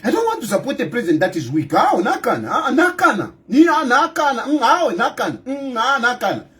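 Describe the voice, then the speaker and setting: Fiery high-voiced Zambian man. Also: sing-song, brisk. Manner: repeats lines, hammering rhetorical questions; breaks into loud outbursts. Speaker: opposition party leader. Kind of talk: impassioned political monologue.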